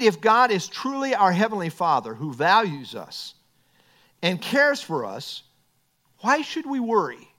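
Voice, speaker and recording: Man preaching, high voice, very lively pitch, emphatic with quiet asides. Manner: expressive, swings between emphatic and quiet asides; quotes scripture, light humor. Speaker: pastor. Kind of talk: sermon.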